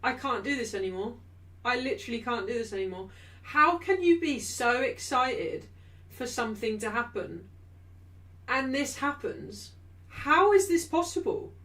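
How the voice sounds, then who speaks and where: A young woman with a high-pitched voice talks through a live football match for her viewers. Her tone is bright and sharp. She rants and repeats herself in frustration at her team. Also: animated, unhurried. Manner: exasperated, repetitive ranting about her team; shouting in frustration. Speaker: football watchalong host. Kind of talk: live match watchalong commentary.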